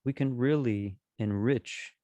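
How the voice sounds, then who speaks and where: A man teaching a Buddhist talk on communication, calm and gentle, with frequent restarts. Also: mid-range voice, slow, dry recording. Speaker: dharma teacher.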